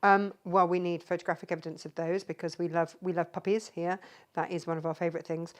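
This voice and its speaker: A woman's voice: lowish voice, steady tone, fast talker. Woman, live craft show host; talkative, rambling, friendly roll-call of viewers. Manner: chatty and rambling, greets viewers by name. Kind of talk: live craft demonstration chat.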